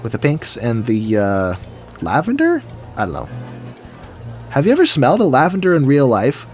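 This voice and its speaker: A man's voice: medium pitch, wildly swooping pitch, normal speed, faint music behind. A man giving casual, goofy commentary while building in a game, chatting to himself as he goes. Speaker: gaming video creator. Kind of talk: casual let's-play commentary.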